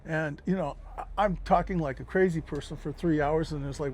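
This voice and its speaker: An older man, a podcast guest telling a firsthand story in a lively way, acting out what people said. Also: fairly high pitch, moderate pace, a little hiss or hum. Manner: animated, acts out quoted dialogue.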